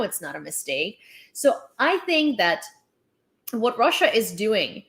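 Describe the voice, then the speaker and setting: A young adult woman with a medium-pitched voice livestreams casual commentary on the news. Her tone is chatty and sarcastic, full of fillers and restarts.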